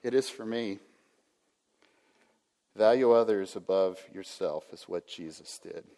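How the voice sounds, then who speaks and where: An older man in his sixties delivers a sermon with a low, steady voice. He speaks earnestly and now and then acts out a self-important inner voice. The sound carries a long reverb from a church hall. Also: unhurried. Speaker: pastor.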